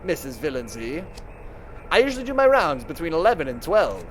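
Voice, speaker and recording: A man's voice: fairly high pitch, very animated, fairly quick, a little hiss or hum. A man voicing a polite male ship steward who speaks formally and deferentially. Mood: courteous.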